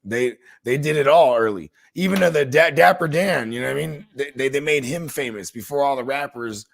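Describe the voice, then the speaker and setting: A man co-hosting a podcast in casual chat, loose and relaxed, often saying "you know what I mean". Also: medium pitch, brisk, gravelly. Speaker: podcast co-host.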